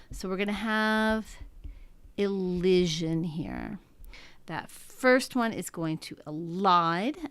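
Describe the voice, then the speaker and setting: A woman's voice: mid-range voice, no room sound. A woman teaching a lesson, talking methodically through each step. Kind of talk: classroom lecture.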